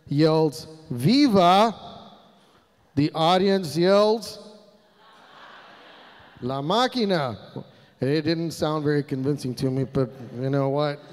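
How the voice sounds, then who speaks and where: High-voiced man emceeing in a reverberant hall. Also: clear, resonant tone. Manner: energetic, leads call-and-response chants. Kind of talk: rallying a school assembly. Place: large hall.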